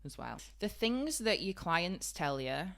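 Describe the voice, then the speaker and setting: Giggly Yorkshire woman with a low, bright voice. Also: sing-song, unhurried, creaky. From Yorkshire, England. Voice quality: bubbly, giggly, chatty. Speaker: podcast co-host, beauty trainer. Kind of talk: casual chat.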